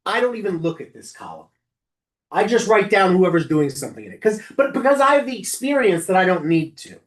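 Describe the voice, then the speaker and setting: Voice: medium pitch, sing-song, brisk. A rabbi giving an instructional class talk to lay service leaders, conversational and often correcting themself mid-sentence. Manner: conversational, with frequent self-corrections and asides.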